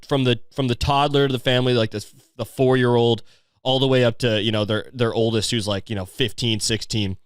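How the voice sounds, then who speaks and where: A man's voice: mid-range voice, no echo. Rambling, profane man with a dry sound. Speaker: podcast host. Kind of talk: casual commentary on a video.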